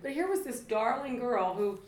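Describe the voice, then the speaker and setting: A woman chatting casually as a co-host, talkative and quick to laugh. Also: fairly high pitch, animated, slight background noise. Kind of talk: casual chat. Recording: echoey room with faint ambience.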